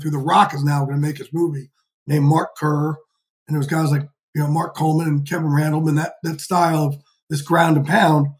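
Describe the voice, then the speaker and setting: A man in his fifties, a podcast guest telling lively, profane stories in a casual interview. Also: on the high side. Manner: energetic, profane, animated storyteller. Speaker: podcast guest, sports insider.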